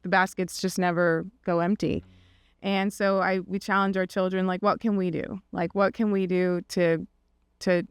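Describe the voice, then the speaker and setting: A middle-aged woman tells a story on a podcast, with a smooth, clear voice. She talks casually, filling her speech with "like" and "you know" and acting out the other people in the story. The recording is dry and close. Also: fairly low pitch, dry recording. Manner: chatty, many fillers and "like"s, acts out quoted voices. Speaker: podcast guest.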